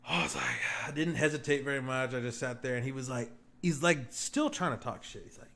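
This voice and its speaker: A young man hosting a podcast, telling a story in a casual, profane, animated way and laughing often. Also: mid-range voice, normal speed, reverberant, a little hiss or hum. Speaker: podcast host.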